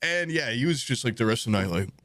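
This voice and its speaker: A man's voice: mid-range voice, lively intonation, fast, a bit bright, dry recording, clean studio sound. A young man telling a funny story on a podcast, laughing often and swearing as he talks. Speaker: podcast co-host. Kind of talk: casual comedic storytelling.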